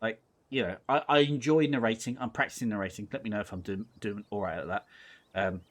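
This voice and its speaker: A man's voice: fairly low pitch, fairly even intonation, fairly quick. A young man casually commentating and reading aloud a horror game, playful and rambling, often mocking himself. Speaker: let's play host.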